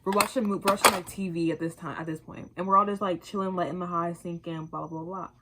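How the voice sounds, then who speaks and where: A young woman vlogger telling a casual, animated storytime, full of swearing and acted-out quotes. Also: fairly low pitch, fast, a little hiss or hum. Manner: animated, profane, quoting herself in voices.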